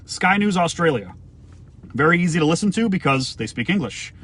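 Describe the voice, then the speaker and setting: A man's voice: fairly high pitch, big pitch swings, brisk, a bit bright, slightly rough. A man from the United States giving an emphatic opinion rant to camera, firing off rhetorical questions and swearing now and then. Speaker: vlogger.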